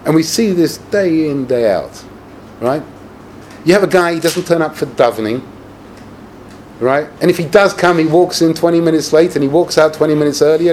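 A man giving a yeshiva-style Torah lecture as a rabbi, animated and sarcastic, peppering his English with Hebrew and Yiddish terms. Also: fairly high pitch, a little hiss or hum.

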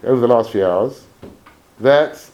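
A man voicing a frail ninety-year-old rabbi who talks in a soft, slow, low murmur. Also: highs cut off, close to an everyday voice. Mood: reflective.

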